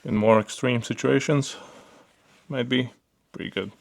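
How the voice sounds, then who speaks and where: Gravelly man reviewing gear casually. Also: medium pitch, a little slow, slight background noise. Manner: relaxed, repeats fillers like "pretty cool" and "yeah"; handles the gear while talking. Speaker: product reviewer.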